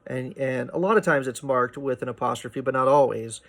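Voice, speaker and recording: A man teaching a poetry lesson, explaining meter in a relaxed way, often checking in with "right?" and filling pauses with "uh" and "um.". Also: mid-range voice. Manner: explanatory, frequent "right?" and "uh" fillers. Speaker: literature teacher. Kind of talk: recorded poetry lecture.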